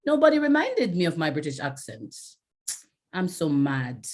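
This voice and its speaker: Jamaican woman host, lowish voice, chatty and loose, lots of fillers, video-call sound. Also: sing-song, moderate pace, darkish tone. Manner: chatty, many "you know" fillers, slips into patois. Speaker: webinar host. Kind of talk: casual chat closing a webinar.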